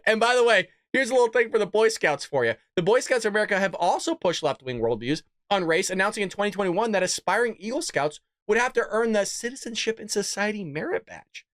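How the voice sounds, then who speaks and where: A sarcastic male commentator who reads news items and then rants about them, often breaking into laughter. His pitch swings widely, and the sound is close and dry, with no room around it. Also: animated, brisk, fairly bright tone, no room sound. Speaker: political commentary host. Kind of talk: political commentary rant, reading news aloud.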